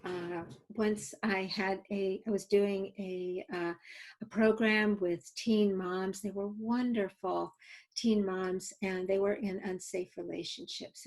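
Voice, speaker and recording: A woman's voice: mid-range voice, low-quality recording. A woman presenting an instructional webinar, telling stories and explaining techniques, often hesitant with fillers and restarts. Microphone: video call.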